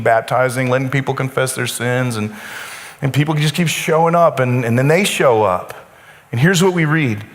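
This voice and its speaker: Pastor guy telling a bible story in church, kinda high voice, big hall echo, acts out the quotes. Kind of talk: sermon. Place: church sanctuary. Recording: church hall with long reverb.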